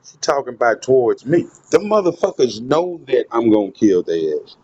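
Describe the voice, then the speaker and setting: A man's voice: medium pitch, sing-song, moderate pace, darkish tone. A man giving a profane, conspiratorial monologue to his viewers, recorded on a handheld phone in a public spot. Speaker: vlogger. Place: public spot, moved somewhere quieter. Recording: dull lo-fi phone audio with faint noise.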